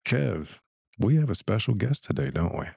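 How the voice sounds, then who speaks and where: A man's voice: fairly low pitch, big pitch swings, normal speed, vocal fry, a little mellow, breathy edge, no room sound. A man hosting a podcast in a casual, laid-back way, with loose filler words. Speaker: podcast host. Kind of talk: casual chat.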